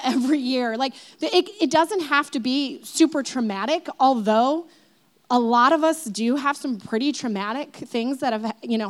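Woman, 30s, casual talk, chatty, laughs, high-pitched. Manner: chatty, laughing, many fillers.

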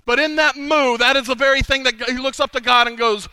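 A man preaching a sermon at a conference, swinging from hushed pleading to loud proclaiming. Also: very high voice, fairly even intonation, fairly quick, hardly any pauses, clean tone, no room sound, low-quality recording. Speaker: conference speaker. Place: conference hall.

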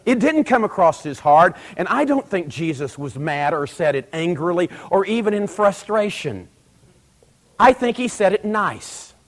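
A middle-aged man preaching a sermon in a conversational way, rising to loud emphatic peaks and acting out quoted dialogue. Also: high voice, very animated, unhurried.

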